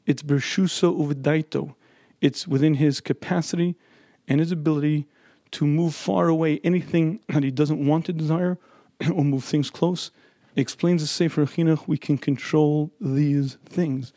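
A man with a fairly high, mellow voice delivers a Torah lecture in an earnest, emphatic teaching manner. He clears his throat again and again. The sound is close and dry. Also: steady tone, moderate pace, dry recording. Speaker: religious lecturer.

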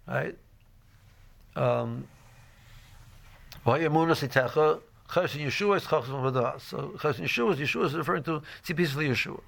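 A man's voice: on the high side, creaky, fairly bright tone. A middle-aged man teaching a casual Torah class, rambling with many fillers and restarts and mixing in Hebrew phrases. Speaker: yeshiva teacher.

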